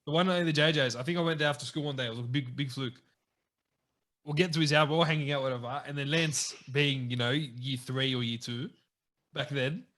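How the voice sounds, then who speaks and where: Bright-voiced young Australian man. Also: medium pitch, steady tone, a little fast. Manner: laughing, rambling storyteller. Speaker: podcast host. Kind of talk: casual chat.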